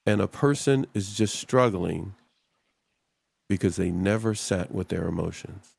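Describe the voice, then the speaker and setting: Low, gravelly-voiced male talk show host. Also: measured pace, darkish tone, no echo. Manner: rambling, addresses the audience directly. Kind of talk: casual talk show discussion.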